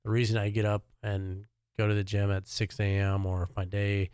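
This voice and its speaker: A middle-aged personal chef from Alabama, guesting on a podcast, chats in a relaxed way full of fillers. His voice is fairly low, clear, and resonant at a moderate pace, with dry, studio-quality recording.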